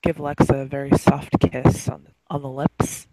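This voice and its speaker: A man calmly narrating his character's actions in a spoken role-play. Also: medium pitch, normal speed, no echo, low-quality recording.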